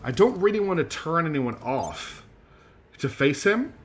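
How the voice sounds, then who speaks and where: A man's voice: on the high side, sing-song, unhurried, a little hiss or hum. A man streaming a strategy game, chatty and self-deprecating, thinking aloud as he plays. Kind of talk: live gameplay commentary.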